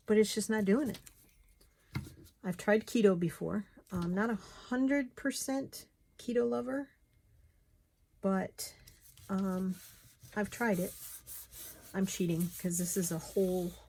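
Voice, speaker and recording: A woman's voice: mid-range voice, creaky, mellow, a little hiss or hum. A middle-aged woman chatting casually while she crafts, muttering to herself as she works.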